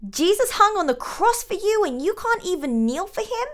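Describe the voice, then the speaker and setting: A woman's voice: sing-song, normal speed. A woman putting on a stern German mother. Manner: firm, commanding, rising in pitch. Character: stern German mother leading family worship.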